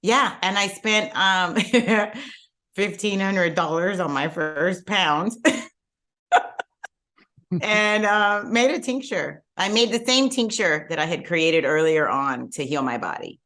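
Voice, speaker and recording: A middle-aged woman telling her story as a podcast guest, laughing often and leaping up in pitch when amused. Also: lively intonation, takes it slowly, pushed and bright. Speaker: guest entrepreneur. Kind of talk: casual podcast interview.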